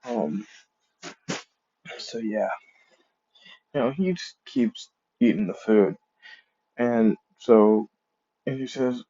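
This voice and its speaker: Slow, rambling male storyteller, mellow tone, slightly muffled. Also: mid-range voice, sing-song. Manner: rambling, full of fillers and restarts. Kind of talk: casual fan-story retelling.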